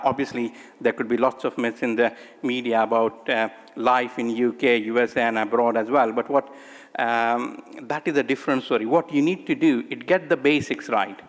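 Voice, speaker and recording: A man's voice: mid-range voice, normal speed. A middle-aged man from India, giving a conference talk of advice, hesitant with many ums and uhs. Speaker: conference speaker, psychiatrist working in the UK. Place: conference hall. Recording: echoey conference hall with long reverb.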